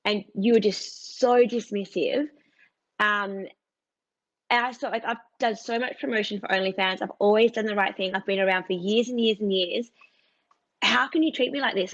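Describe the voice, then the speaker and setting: A woman's voice: mid-range voice, fairly quick, a bit bright, lo-fi sound. Earnest, emphatic woman telling a story. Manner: earnest and emphatic, with many fillers and quoted dialogue. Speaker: podcast guest, content creator. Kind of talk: casual interview storytelling.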